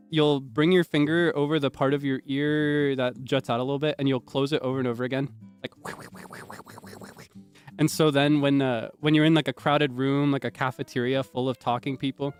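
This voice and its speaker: A young man chats to his stream in a rambling, roundabout way, circling back with fillers as he explains. His voice sits a little high for a man, and soft instrumental music plays faintly underneath. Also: clean tone. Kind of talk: casual chat stream.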